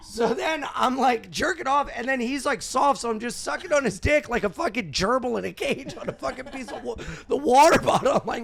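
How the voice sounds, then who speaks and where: A comedian telling a crude story on a podcast, laughing and acting out voices. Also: male voice, very high-pitched, brisk, creaky, noisy background. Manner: animated, laughing, acts out voices, profane. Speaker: guest comedian.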